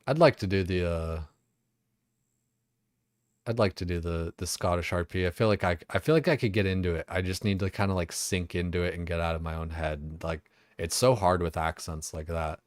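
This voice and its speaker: A young man with a low voice chats loosely while streaming a game. He rambles, swears freely and keeps circling back on himself. The sound is close and dry, with no room behind it. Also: normal speed, no room sound. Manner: rambling, swears a lot, many fillers.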